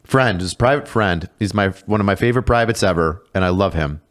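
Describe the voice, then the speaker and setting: A man in his thirties with a somewhat low voice tells an old army story on a podcast. He swears freely and gets animated as he acts out scenes. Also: fairly quick. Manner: animated, profane, acts out shouted exchanges. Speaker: podcast guest, former drill sergeant. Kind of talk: casual storytelling.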